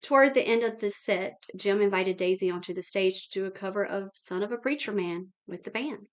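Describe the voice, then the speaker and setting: A woman reading a novel aloud in a steady, plain narrating voice. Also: medium pitch, brisk. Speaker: book reader.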